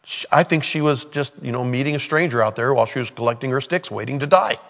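A man's voice: mid-range voice, quick pace, gravelly, a bit bright, in a large hall. A man preaching a sermon in a conversational way, with playful acted-out asides. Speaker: pastor.

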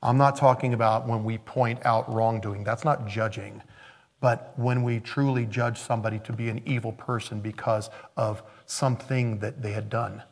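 Preaching a sermon in a conversational style, this male pastor has a gravelly, fry-laced voice pitched in the middle range, with a steady tone and moderate pace. He swings between loud, emphatic outbursts and quiet, almost whispered asides.

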